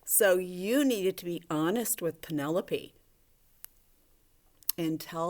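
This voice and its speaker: A woman teacher giving a gentle, coaxing video lesson to young children, talking to a puppet. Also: on the low side, takes it slowly, long pauses. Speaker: elementary school teacher.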